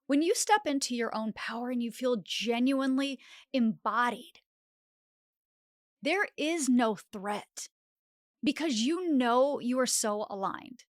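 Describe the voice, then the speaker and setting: A woman's voice: on the high side, slow, dry recording, studio quality. A young woman hosting a self-help podcast, talking animatedly and acting out little inner voices, with many "like" fillers. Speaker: podcast host. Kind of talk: motivational self-help monologue.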